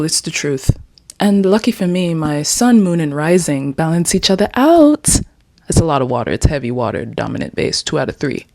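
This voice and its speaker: A woman's voice: low-pitched, lively intonation, moderate pace, a little mellow. A woman in her twenties chatting alone in her room, rambling and playful as she talks about her writing. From Jamaica. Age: 20s. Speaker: vlogger. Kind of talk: casual chat vlog.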